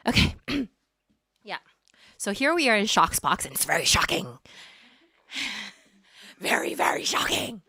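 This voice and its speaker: A woman's voice: mid-range voice, very animated, slow, pauses often, bright, forceful tone, husky, no echo, studio quality. A woman musician chatting playfully on a live-streamed show, rambling with laughter and dramatic asides. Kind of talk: casual chat to a live stream.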